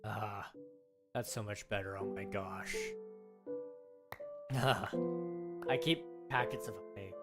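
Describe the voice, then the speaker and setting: A hoarse man losing his voice, rambling and self-mocking while chatting casually on a livestream. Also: fairly low pitch, normal speed. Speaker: game streamer. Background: music.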